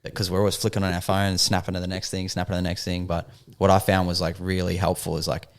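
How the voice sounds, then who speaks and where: A man's voice: low voice, flat delivery, fast talker. A man co-hosting a podcast in casual chat, laid-back, swearing freely and using lots of fillers. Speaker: podcast co-host.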